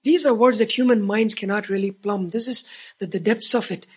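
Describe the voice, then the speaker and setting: A man preaching a sermon as pastor, earnest, swelling to emphatic peaks and dropping to hushed tones. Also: high voice, fairly even intonation, fairly quick, breathy edge.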